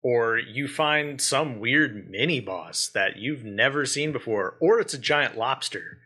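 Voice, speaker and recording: A man with a bright, forward voice chats about games on a podcast. He rambles eagerly, stacking examples and breaking into little laughs as he goes. His pitch sits right in the middle for a man. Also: lively intonation, measured pace, slightly rough. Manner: enthusiastic, rambling, laughs often mid-sentence. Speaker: podcast co-host. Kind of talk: casual gaming chat.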